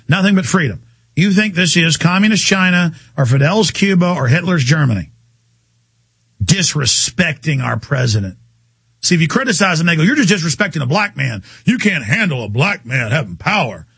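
A man hosting a talk radio show, ranting in a heated, mocking, combative way and swinging his pitch for effect. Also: creaky, fairly bright tone, no echo. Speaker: radio host. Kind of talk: heated on-air rant.

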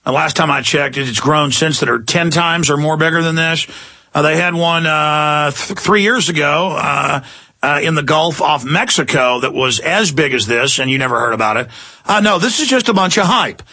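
Forceful husky Texan radio host ranting. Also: male voice, fairly high pitch, no room sound. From Texas. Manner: fast, heated ranting with many fillers. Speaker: radio talk show host.

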